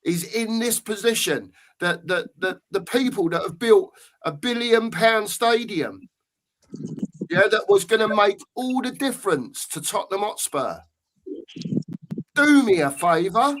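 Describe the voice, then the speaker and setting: A man's voice: high voice, animated, unhurried, fairly bright tone, slight background noise. A man, hosting a livestream fan chat and ranting passionately with heavy swearing. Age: 50s. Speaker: show host.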